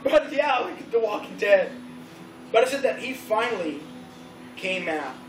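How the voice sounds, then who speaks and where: A man giving a casual, animated teaching at a church youth service, acting out the voices of the crowd as he tells the story. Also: high-pitched, a little slow, faint music behind. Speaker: youth leader. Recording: roomy, distant recording with faint background noise.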